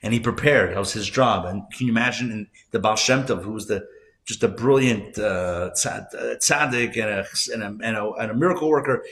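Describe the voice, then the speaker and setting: A man, a rabbi, teaching a live class, telling stories conversationally with asides and self-corrections, his voice swinging between loud emphasis and soft hushed moments. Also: fairly low pitch, brisk. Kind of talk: live class lecture with storytelling. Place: class room at a community center.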